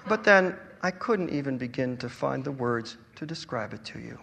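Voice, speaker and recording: A man reading his own story aloud at a live event, with a wry, expressive storytelling manner. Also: mid-range voice, moderate pace, vocal fry, heavy background noise. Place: event hall. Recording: long hall reverb.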